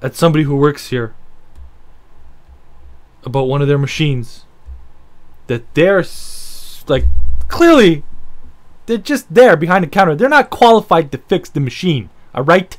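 High-voiced guy ranting a story, swearing a lot, sarcastic and rambly. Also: lively intonation, a little slow, long pauses. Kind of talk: story-time rant.

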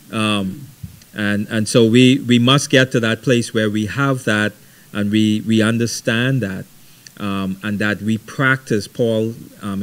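Man teaching Bible study. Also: fairly low pitch. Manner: animated storytelling, frequent ums and repeated "right?". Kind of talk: conversational teaching.

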